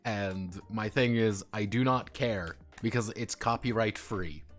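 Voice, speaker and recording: A man's voice: fairly low pitch, measured pace, soft background music. A young man chatting casually on a stream, blunt and rambling, with many restarts and laughs.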